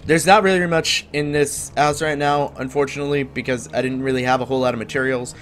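A man's voice: medium pitch, fairly even intonation, fast, fairly bright tone, a little hiss or hum. A man hosting a gaming video, chatting casually and rambling upbeat, with the odd swear. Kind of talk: casual gameplay commentary.

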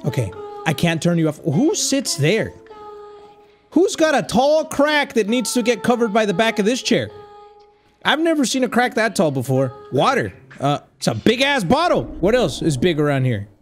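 Gamer guy for horror playthroughs, high and animated delivery, jittery and rambling. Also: normal speed, faint music behind. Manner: jittery, rambling nervous chatter; nervous laughs. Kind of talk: horror game commentary.

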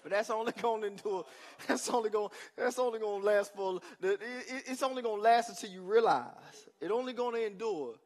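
A male pastor preaching a sermon, repeating lines for emphasis and talking directly to the congregation with quick asides. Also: high-pitched. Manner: repetitive preaching, breaks off with asides; conversational, addresses the congregation directly.

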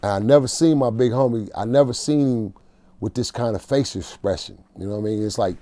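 A man tells a raw story from his time in jail, speaking street slang with a dark, mellow tone. He sits close to a dry, deadened mic. His voice sinks low and quiet through the heavy moments. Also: brisk, dry recording. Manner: street slang, emotional prison storytelling, drops to a low murmur. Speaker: interview guest. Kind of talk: storytelling in a casual interview.

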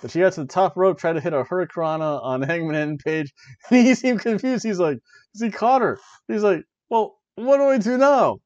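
A man with a slightly high voice rants his way through a casual wrestling review. His delivery is animated, sarcastic and jokey. The recording is dull and lo-fi, with a dry sound that has no room echo. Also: brisk. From Florida, USA. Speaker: wrestling review podcast host.

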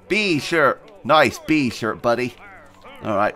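A man commenting as he plays a video game, chatty and excitable, often squealing with delight. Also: medium pitch, slow, faint music behind. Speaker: gaming video host. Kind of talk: let's play commentary.

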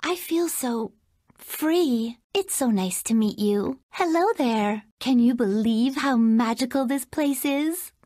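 A woman's voice: a little high, slow pace, darkish tone, no room sound. A woman voicing a spirited young princess in a video game, polite, sweet and lightly teasing, recorded in a dry studio. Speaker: game character voice. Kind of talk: game voice clips.

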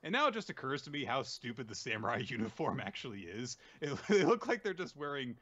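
A man hosting a podcast, casually recapping a manga chapter and halting often with fillers. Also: medium pitch, big pitch swings, sharp tone, muffled recording. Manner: rambling, halting with many fillers. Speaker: podcast host.

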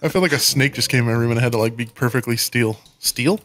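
A man in casual gaming chat, loud and excitable, joking with friends. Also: medium pitch, quick pace, slight background noise.

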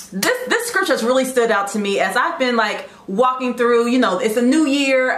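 A woman's voice: on the high side, fairly bright tone, reverberant. A woman in her late thirties hosting a faith talk show, chatty and encouraging, with side notes as she goes. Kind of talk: casual devotional talk.

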